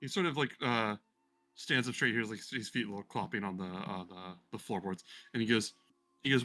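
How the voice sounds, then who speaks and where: A man running a tabletop game, improvising the scene as he goes. He rambles through the narration with plenty of fillers, and his voice is bright and forward. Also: on the low side, fairly quick, soft background music. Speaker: game master.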